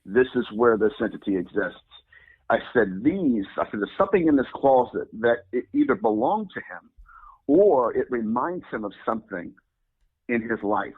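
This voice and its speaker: Over phone-like, narrow audio, a man who works as a religious demonologist earnestly tells an interviewer about events he lived through, frequently quoting his own words. His mid-range voice is very animated, slightly rough, at a moderate pace.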